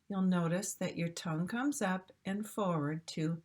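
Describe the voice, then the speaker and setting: A woman's voice: lowish voice, measured pace, hardly any pauses, darkish tone. A woman teaching English pronunciation, modeling sounds carefully and repeating drill words. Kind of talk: slow instructional pronunciation lesson.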